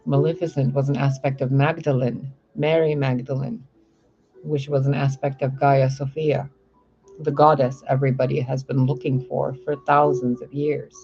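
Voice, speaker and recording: A man's voice: medium pitch, little pitch movement, normal speed, vocal fry, darkish tone. A man talking in a casual, rambling, profane monologue as a spiritual reader. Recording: slightly muffled with faint music. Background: faint music.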